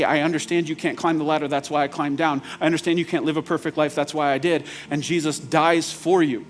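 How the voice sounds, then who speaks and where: A male pastor preaching in a church, talking plainly to the room and building to urgent, emphatic points. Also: a little high. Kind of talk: sermon. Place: church sanctuary.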